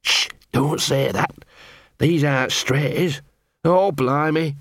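A man's voice: fairly high pitch, slow pace, fairly bright tone, dry recording, studio quality. A man voicing a small scruffy male street dog who talks in an anxious, miserable, whiny way. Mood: fretful.

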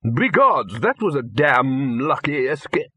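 Bluff blustering head wizard for a storybook, husky and loud, acted by a man. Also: medium pitch, big pitch swings, unhurried, no room sound, clean studio sound, voice pushed up, full character voice. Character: bluff, red-faced male head wizard.

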